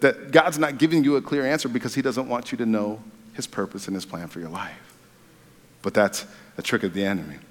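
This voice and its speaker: A man preaching a sermon as pastor, talking conversationally with restarts and growing animated when he retells a story. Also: mid-range voice. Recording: long hall reverb.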